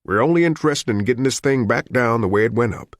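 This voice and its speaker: A man's voice: mid-range voice, expressive, fast talker, dry recording, clean studio sound, voice pushed up, close to an everyday voice. A man voicing a cautious male airline pilot who speaks carefully and hesitantly in an audiobook. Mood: placating.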